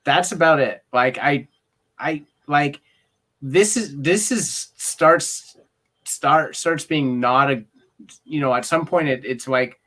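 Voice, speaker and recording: Co-host, male, higher register, exasperated animated ranter on a film chat show. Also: slow pace. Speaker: podcast co-host. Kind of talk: casual film discussion.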